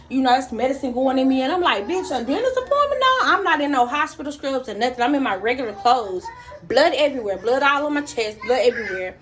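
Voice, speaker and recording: A woman telling a story straight to her viewers in a casual, profane, animated way. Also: fairly high pitch. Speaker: vlogger.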